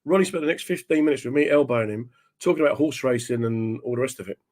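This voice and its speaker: A man's voice: medium pitch, fast. A man who is a stand-up comedian, telling comic anecdotes as a guest and slipping into the voices of the people in them. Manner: animated, slips into voices of the people in his stories.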